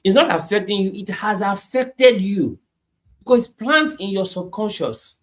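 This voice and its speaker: A man preaching a sermon, repeating his points emphatically and moving between hushed lines and loud climaxes. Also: sits high, expressive, normal speed. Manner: repetitive, emphatic, swings from hushed to shouting.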